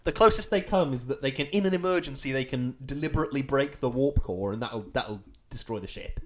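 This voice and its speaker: A man's voice: medium pitch, animated, brisk. A man co-hosting a podcast in casual chat, chatty and given to laughing asides. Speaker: podcast co-host.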